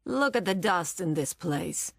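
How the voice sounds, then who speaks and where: A woman narrator voicing a tiny, menacing older woman who has taken over a flat, blunt and sneering, dropping low and slow when threatening. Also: vocal fry, no echo, clean studio sound, exaggerated voice. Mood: scornful.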